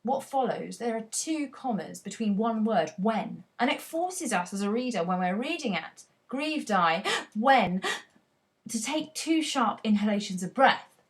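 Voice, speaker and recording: A woman's voice: a little high, expressive, moderate pace. A woman teacher giving a poetry analysis lesson, talking expressively and reading quoted lines aloud with dramatic emphasis.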